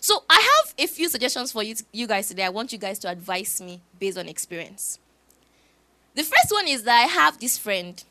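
A woman, preaching a sermon through lively storytelling. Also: on the high side, normal speed, dry recording. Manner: animated storytelling with laughs.

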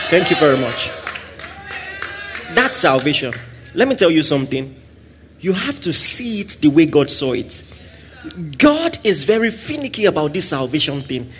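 A man preaching a sermon, swinging between loud exclamations and soft asides and acting out little scenes. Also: on the high side, a little hiss or hum. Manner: acts out little scenes with quoted voices and laughter.

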